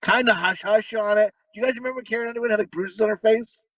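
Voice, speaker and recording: A man's voice: high-pitched, fast talker, fairly bright tone, no room sound, low-quality recording. A man co-hosting a podcast, riffing crudely and rambling, full of swearing and sudden put-on voices. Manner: profane, rambling, breaks into voices and giggles. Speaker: podcast co-host.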